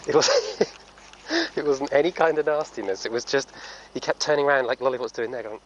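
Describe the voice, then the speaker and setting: A man training a horse, talking softly and coaxingly to the animal while explaining to viewers in a casual vlog. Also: mid-range voice, sing-song, brisk, highs cut off, noisy background. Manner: soft, coaxing talk to a horse, often hushed. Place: indoor horse stable area.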